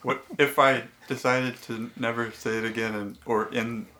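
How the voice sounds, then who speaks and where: A man's voice: mid-range voice, flat delivery, normal speed, sharp tone, a little hiss or hum. A man hosting a casual podcast chat, speaking hesitantly and correcting himself often. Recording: echoey room.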